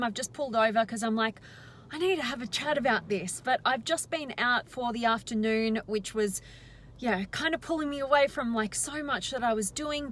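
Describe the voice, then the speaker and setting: A woman's voice: fairly high pitch, a bit bright, a little hiss or hum. A woman, a speaker and life coach, telling a story in a casual, rambling way with many fillers, talking live into a phone from a parked car. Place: inside a parked car by the road.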